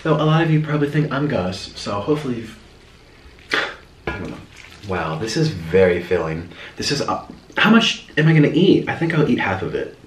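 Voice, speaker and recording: Chatty man with lively storytelling voice. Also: medium pitch, brisk, recorded from a distance, a little hiss or hum. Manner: chatty, animated, dramatic asides. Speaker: mukbang vlogger. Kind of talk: casual storytelling while eating. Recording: roomy echo, set back from the mic.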